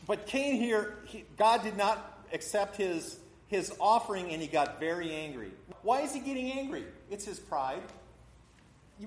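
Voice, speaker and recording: A man's voice: high voice, expressive, measured pace. A middle-aged man preaching a sermon to a congregation, acting out the voices of people in his stories as he teaches. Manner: acts out voices in quotes, talks with a congregation. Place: church hall. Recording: echoey hall.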